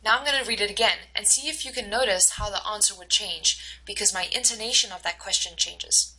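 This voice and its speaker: A woman instructor giving a recorded lecture, explaining slowly with many fillers and acting out short example dialogues. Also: mid-range voice, bright, forceful tone, husky, low-quality recording.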